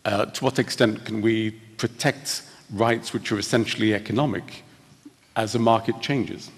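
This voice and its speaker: A low, husky male voice chairs a question session, brisk and courteous as he passes the floor around. The sound carries the long reverb of a large lecture hall. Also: steady tone. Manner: polite, brisk calling on questioners. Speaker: moderator.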